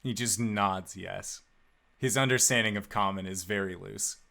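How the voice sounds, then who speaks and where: A man narrating a tabletop game as game master, pausing often with "uh" as he describes scenes. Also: lowish voice, gravelly. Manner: relaxed, frequent "uh" fillers while narrating.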